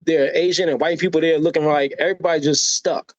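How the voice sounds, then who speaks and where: An American podcast guest with a high-leaning voice talks at a quick pace in a steady tone, telling personal stories with energy, acting out quoted voices, and frequently checking in with "right?". There's no room sound, but the audio quality is poor.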